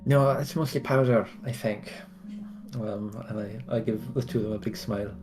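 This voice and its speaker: A man's voice: fairly low pitch, moderate pace, over music. A man playing his character in a tabletop game, narrating actions with a friendly manner. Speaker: player.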